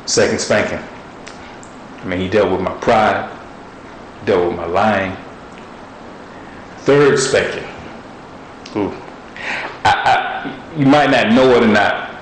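A man's voice: fairly low pitch, slow pace, long pauses, slight background noise. A man preaching a sermon in an earnest, conversational storytelling way. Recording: roomy echo with faint ambience.

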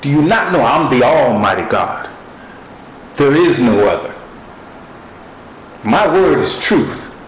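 A man preaching voices God as a stern, commanding figure who delivers a slow, emphatic rebuke. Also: mid-range voice, sing-song, slight background noise. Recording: roomy echo.

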